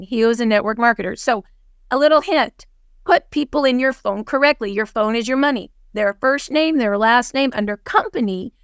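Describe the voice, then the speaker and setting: A woman with a high, bright voice leads a business webinar over a video call, coaching her audience through stories. She slips into the voices of the people in her stories as she tells them. The sound is close and dry, with no room around it. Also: clear, resonant tone, no echo. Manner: lively storyteller who acts out dialogue. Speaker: guest speaker, team leader. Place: home office on a video call. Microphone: video call microphone.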